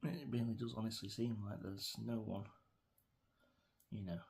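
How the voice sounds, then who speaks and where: A man's voice: fairly low pitch, steady tone, moderate pace, vocal fry, darkish tone. A middle-aged man with an English accent, rambling through an opinionated vlog rant with many fillers and restarts. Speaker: vlogger.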